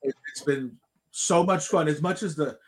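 A man in his thirties chats in a casual podcast, his voice sitting a little higher than most men's. He rambles through a long personal story in an animated way, restarting his sentences and swearing freely. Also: moderate pace. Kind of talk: casual chat.

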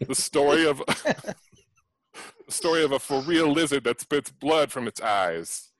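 A man in casual podcast chat, low-key and a little mumbling. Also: animated, moderate pace, no room sound.

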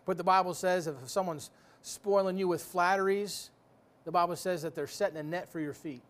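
A man's voice: sits high, fairly even intonation, moderate pace. A man preaching a sermon in a folksy, joking way, full of rhetorical questions.

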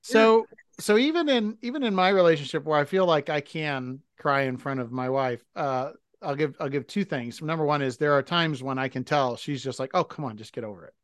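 A man's voice: on the high side, normal speed, clear, resonant tone, dry recording, studio quality. A man co-hosting a podcast, talking candidly and reflectively, thinking aloud with restarts. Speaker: podcast co-host. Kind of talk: casual podcast chat.

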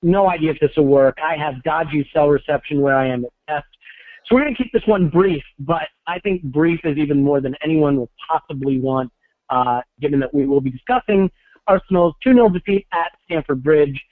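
A man hosts a podcast with wry, self-deprecating asides. His voice sits fairly high. He calls in, so he sounds tinny and phone-like, but dry. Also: fairly quick, no room sound. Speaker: podcast host. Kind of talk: casual podcast chat.

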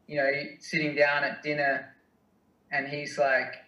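A young Australian man answering interview questions in a hesitant, halting, self-deprecating way. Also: a little high, completely flat delivery, bright, forceful tone. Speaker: guest, distance runner. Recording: roomy, mic at a distance.

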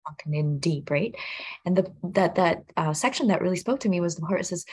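A woman host chatting reflectively about a poem she has just heard. Her voice is husky and low, and she pauses and restarts often as she gathers her thoughts. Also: lively intonation. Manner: warm, reflective, halting with fillers. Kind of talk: casual chat.

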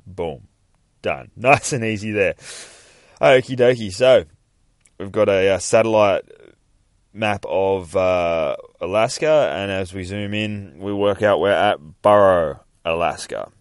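A man's voice: on the low side, takes it slowly, dry recording. A man hosting a podcast, casually walking through a comic book page by page, rambling, swearing freely and laughing along the way. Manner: rambling and profane, laughing often. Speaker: podcast host.

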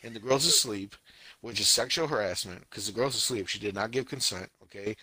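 A young man co-hosting a casual podcast, recounting a show with exasperated, animated energy and silly put-on voices for the scenes. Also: fairly low pitch, fairly quick, slightly rough. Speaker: anime podcast co-host. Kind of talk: casual podcast review chat.

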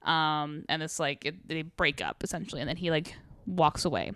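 A woman's voice: low voice, moderate pace, no echo, clean studio sound. A young woman chatting casually about a film she watched, laughing often and acting out lines from scenes. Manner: animated, laughs often, acts out quotes. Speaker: podcast co-host. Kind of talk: casual chat recapping a film.

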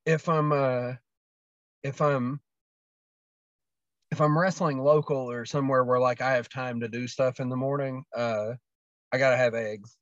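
In this casual podcast chat, a wrestler appearing as a guest spins rambling stories, full of fillers and false starts, in a mid-range male voice. The audio is dry, dull, and lo-fi.

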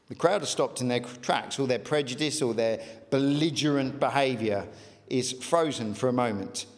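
A man preaching a sermon, emphatic, swinging between raised intensity and quiet reflection. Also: mid-range voice. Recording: long hall reverb.

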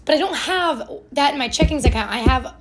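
A young Ohio woman hosts a podcast, delivering a rambling, self-deprecating storytelling monologue packed with "like" and self-corrections. Her voice sits high with lively intonation and a fairly quick pace, over a faint hiss or hum.

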